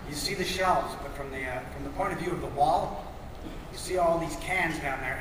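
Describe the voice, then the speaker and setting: Animated man pitching a cartoon in a hall. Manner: animated, acts out scenes. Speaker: cartoon creator pitching a show. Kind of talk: animated storytelling pitch to a panel audience. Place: large convention hall. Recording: echoey hall from far off, noisy.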